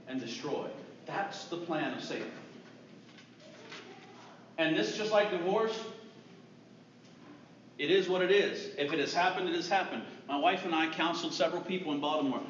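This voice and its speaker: A man preaching a sermon as a pastor, telling stories earnestly and dropping to a hush for grave moments. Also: fairly high pitch, moderate pace, pauses often, a little hiss or hum. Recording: distant, echoey, dull church recording.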